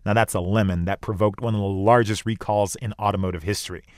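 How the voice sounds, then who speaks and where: A man's voice: lowish voice, steady tone, quick pace, no echo, clean studio sound. Wry man in his forties reporting. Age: 40s. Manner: wry, self-deprecating. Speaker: radio reporter. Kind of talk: radio feature narration.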